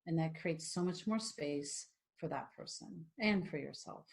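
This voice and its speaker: A woman co-hosts a casual podcast in a somewhat low voice. She talks in a relaxed, affirming way and often laughs along. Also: unhurried, creaky. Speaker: podcast co-host. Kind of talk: casual chat.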